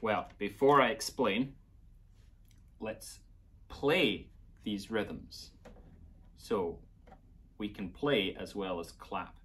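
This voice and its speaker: Slow, playful Scottish music teacher. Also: male voice, on the low side, fairly bright tone. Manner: playful, coaxing, talks to young children. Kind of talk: children's music lesson.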